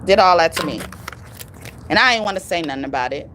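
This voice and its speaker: Animated profane woman reading tarot. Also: fairly low pitch, quick pace, a little hiss or hum. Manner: animated, profane, repeats phrases for emphasis. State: strained voice. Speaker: tarot reader. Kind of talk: casual live tarot reading.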